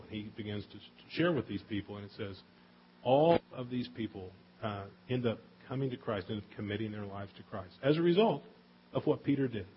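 A middle-aged man preaching a conversational sermon, slipping into quick character voices as he retells stories. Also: fairly low pitch, lively intonation, highs cut off, slight background noise. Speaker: pastor.

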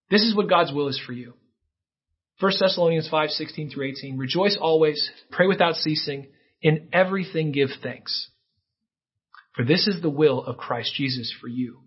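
A man preaching a sermon, earnest and dramatic, with his voice leaping up and then dropping to a hush as he tells a story. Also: fairly high pitch, normal speed, breathy edge. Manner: earnest, dramatic storytelling with sudden rises and hushed drops. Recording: dull lo-fi sound.

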